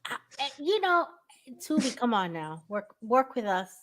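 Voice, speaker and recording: A woman with a very high voice, hosting a chatty podcast. She talks in an animated way, calling out and exclaiming at her listeners. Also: normal speed, a crowd in the background. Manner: animated, exclaiming, playful appeals. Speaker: podcast host. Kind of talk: casual chat.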